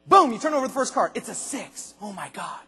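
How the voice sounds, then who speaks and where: A man giving an energetic convention speech, firing punchy questions at the audience and sometimes bursting into shouts. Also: high voice, slightly rough. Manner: rapid-fire questions to the audience, punchy and emphatic. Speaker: motivational speaker at a sales convention. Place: large convention hall. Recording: long hall reverb.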